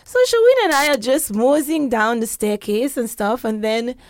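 A woman podcast host telling a story in casual chat, animated and acting out the voices she quotes. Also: on the high side, moderate pace, dry recording, clean studio sound. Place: London.

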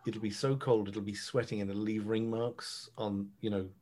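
A man's voice: lowish voice, little pitch movement, moderate pace, darkish tone. An Irish man chatting on a podcast, laid-back and jokey, swearing casually. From Ireland. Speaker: podcast guest. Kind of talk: casual chat.

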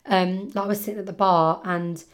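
A woman's voice: mid-range voice, fairly even intonation, moderate pace, smooth. Gal chatting on her podcast, giggly, swears a lot, casual storytelling. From London, England. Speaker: podcast host.

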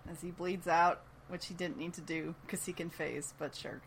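A woman's voice: fairly low pitch, fairly even intonation, normal speed, vocal fry, a little hiss or hum. Chatty woman podcast co-host. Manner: chatty, filler-heavy, laughs often. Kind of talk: casual episode recap.

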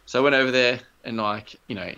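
A man's voice: medium pitch, fast talker, bright, forceful tone, smooth, lo-fi sound. A man, co-hosting a casual podcast and retelling a game story with lots of swearing and quoted voices. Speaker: podcast co-host.

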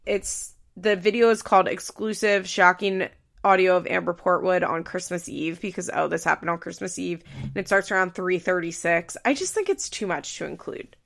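A woman's voice: on the low side, moderate pace, creaky, fairly bright tone. A woman hosting a podcast, giving casual commentary in a chatty way full of fillers. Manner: chatty, heavy on fillers like "like" and "you know". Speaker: podcast host.

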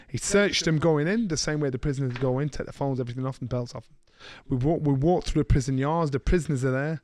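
A middle-aged man, co-hosting a podcast, telling a story in a lively way and slipping into the voices of the people he quotes. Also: medium pitch, quick pace, hardly any pauses, no room sound. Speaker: podcast co-host. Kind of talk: casual storytelling chat.

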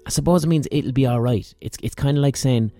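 An Irish man tells a sweary comic story, ranting with lively asides. His voice is mellow and relaxed, recorded dry and close with no room sound. Faint music sits underneath. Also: mid-range voice, brisk, no echo. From Ireland. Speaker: comedian and podcast host. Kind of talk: profane comic storytelling monologue.

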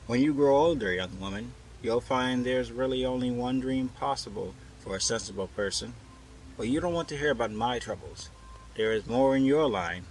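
A man's voice: medium pitch, normal speed, natural voice, rough recording. A man voicing a grave, mocking grown wanderer in a storybook reading, with a dry, sardonic delivery.

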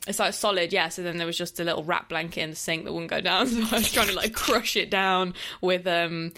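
Against a noisy background, a woman with a lowish, fairly even voice talks a little fast. She's a chatty film podcast co-host who laughs frequently and keeps trailing off with "like" in a casual, loose conversation.

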